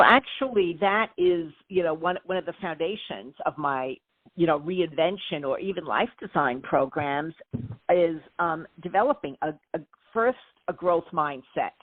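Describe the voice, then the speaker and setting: A middle-aged woman, a life coach, explaining her methods in a lively way with playful examples during an interview. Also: on the low side, no echo. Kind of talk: interview conversation. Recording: tinny phone-like line, dry.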